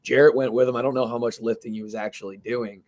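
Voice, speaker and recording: A man's voice: mid-range voice, little pitch movement, fast, a little mellow. A man hosting a sports podcast, interviewing a coach over a video call in an enthusiastic, slangy way. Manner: enthusiastic, slangy hype talk. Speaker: podcast host. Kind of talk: casual interview chat.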